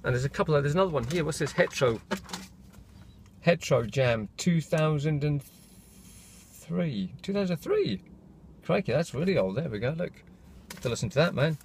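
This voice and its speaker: A man's voice: fairly high pitch, animated, fast, pauses often, a little hiss or hum. A man chatting casually to his camera in a rambling, self-interrupting way. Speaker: vlogger.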